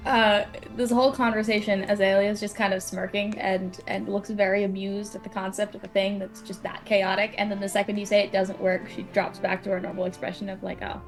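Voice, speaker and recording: A woman at a tabletop game, describing her character's reactions in an amused tone. Her voice sits at a middling pitch, with faint music underneath. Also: flat delivery, fairly quick, few pauses. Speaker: player. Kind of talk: casual tabletop banter.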